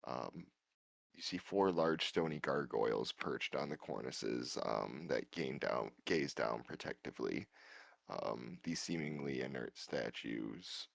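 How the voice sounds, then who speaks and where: A man's voice: a bass voice, animated, measured pace, creaky, dry recording, pitched below the performer's own voice, heavily acted. A man playing a fussy, formal male tour guide who is eager to please. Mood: explaining.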